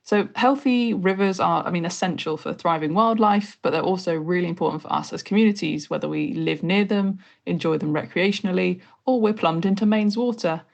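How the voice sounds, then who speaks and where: A woman's voice: lowish voice, brisk, vocal fry, hardly any pauses, muffled recording. A woman giving an upbeat, informative recorded message for a river charity campaign.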